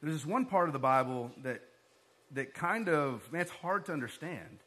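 A man preaching a sermon in a conversational, storytelling way, growing animated as his story builds. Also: fairly high pitch, normal speed. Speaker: pastor.

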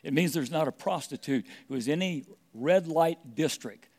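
A man's voice: fairly high pitch, normal speed, darkish tone. A middle-aged man preaching a sermon, stressing his points and repeating key phrases. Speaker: pastor.

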